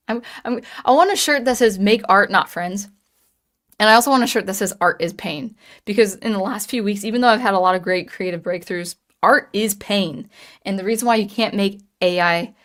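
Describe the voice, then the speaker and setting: A woman in her late thirties chatting casually on a livestream, telling a story with lots of restarts and reading the chat aloud. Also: medium pitch. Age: 30s. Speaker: livestream host.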